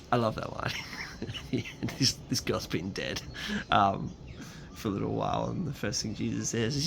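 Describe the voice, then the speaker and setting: A man reading scripture and reflecting on it in a relaxed, conversational devotional talk, with frequent ums and restarts. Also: lowish voice, normal speed, creaky, background noise. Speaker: preacher giving a Bible reflection.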